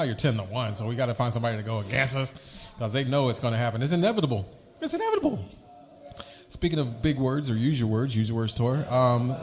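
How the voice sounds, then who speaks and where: A man of ordinary pitch co-hosts a loose podcast chat. He rambles from topic to topic, dropping rhymes into his talk as he goes. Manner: rambling, rhyming wordplay. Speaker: podcast co-host. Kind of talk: casual chat.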